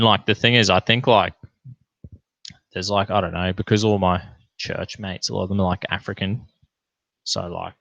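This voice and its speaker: A man's voice: lowish voice, gravelly, a bit bright, no room sound. A young Australian man in a casual late-night livestream, rambling, laid-back and full of swearing. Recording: dull lo-fi stream audio.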